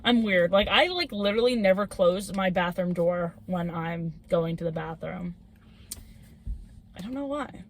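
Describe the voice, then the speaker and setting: A young woman co-hosting a podcast, telling a spooky story in casual chat, animated and giggly as she acts out the quotes. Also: on the low side, a little slow, slight background noise. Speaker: podcast co-host.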